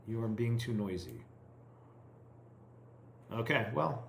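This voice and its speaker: This is a man reading practice sentences aloud in a roomy space with a faint background hum. He talks at a slow, deliberate pace, stopping often to puzzle out meanings in his English. His delivery is relaxed and self-correcting, like someone studying on his own. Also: lowish voice, creaky. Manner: slow, halting, thinks aloud and translates line by line. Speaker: French learner reading aloud.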